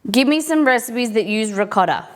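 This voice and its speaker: A woman's voice: on the high side, lively intonation, moderate pace, slight background noise. A woman hosting a live cooking stream, chatting casually with viewers and greeting them by name.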